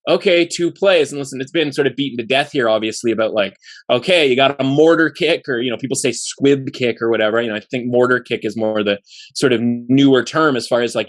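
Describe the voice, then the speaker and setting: A man co-hosting a sports betting podcast, talking in a loose, rambling way and leaning on fillers like "you know" and "like". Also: medium pitch. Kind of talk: casual podcast chat.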